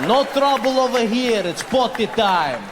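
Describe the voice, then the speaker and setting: A man's voice: very high voice, animated, unhurried, a loud crowd. A man putting on a menacing Russian tough guy. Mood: swaggering. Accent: put-on Russian. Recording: hall reverb, faint noise.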